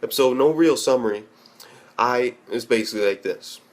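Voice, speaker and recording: Here the pitch is medium and the delivery a little fast. The young man's anime review is a blunt, swear-heavy rant that wanders and keeps restarting.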